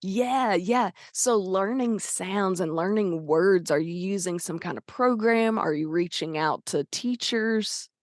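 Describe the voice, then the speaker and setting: A woman's voice: medium pitch, takes it slowly, hardly any pauses, dry recording. Host, woman, supportive interviewer, dry close sound. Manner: supportive, agreeing often. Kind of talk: interview chat.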